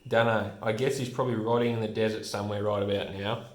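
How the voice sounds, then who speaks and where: Man voicing a cold threatening crook, comic-book thug, lowish voice, roomy echo. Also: flat delivery, quick pace, natural voice. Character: menacing male gang thug, coldly threatening.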